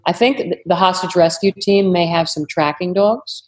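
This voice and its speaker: A retired woman with a New York accent, answering interview questions in a measured, careful way. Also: on the low side. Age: older. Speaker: retired FBI agent, guest.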